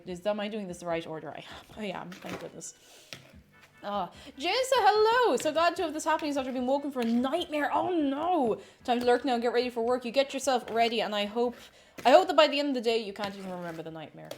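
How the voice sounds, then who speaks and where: An Irish woman streaming while she bakes. She chats casually in her home kitchen, reads out viewers' messages and greets each one excitedly. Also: fairly high pitch, a little hiss or hum. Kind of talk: casual livestream chat while baking.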